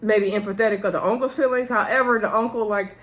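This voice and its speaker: A woman's voice: medium pitch, fairly even intonation, fast talker, fairly bright tone. Chatty woman recapping a show. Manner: chatty, addresses viewers as y'all. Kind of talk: casual recap vlog.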